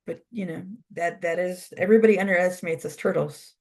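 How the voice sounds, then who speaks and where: A storyteller doing a calm, wise turtle. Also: medium pitch, brisk, lightly acted.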